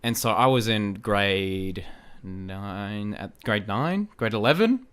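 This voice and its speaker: Excitable young Australian man, bright voice. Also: fairly low pitch, slow pace, clear, resonant tone. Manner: excitable, laughs often, repeats phrases. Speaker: guest, fan video creator. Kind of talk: casual storytelling in a podcast chat.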